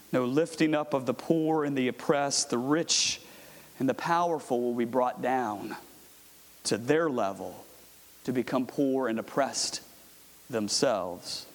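A man preaching a dramatic sermon, calling up volunteers and acting out a scene. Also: on the high side. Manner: dramatic, calls up volunteers, acts out a merchant. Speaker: pastor. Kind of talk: sermon with audience role-play. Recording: echoey hall with long reverb.

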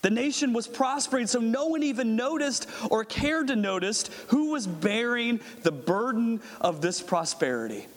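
High-voiced preacher in an echoey hall. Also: male voice, expressive, moderate pace, few pauses. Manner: dramatic, calls up volunteers, acts out a merchant. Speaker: pastor. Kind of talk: sermon with audience role-play. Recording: echoey hall with long reverb.

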